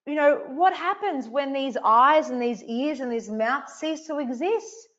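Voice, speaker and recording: A woman's voice: high voice, unhurried, a bit bright, muffled recording. A woman hosting a live online coaching session, emphatic and repetitive, swearing casually as she speaks to viewers. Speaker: online event host.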